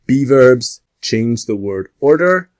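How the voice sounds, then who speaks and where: A man teaching an English grammar lesson, speaking slowly and deliberately and stressing each example question. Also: mid-range voice, animated, darkish tone.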